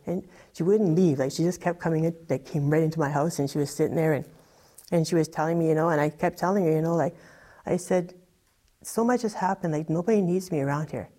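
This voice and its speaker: Low mellow woman telling her testimony. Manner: conversational, heavy with fillers like "like" and "you know". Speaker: guest giving a testimony. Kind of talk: personal testimony storytelling.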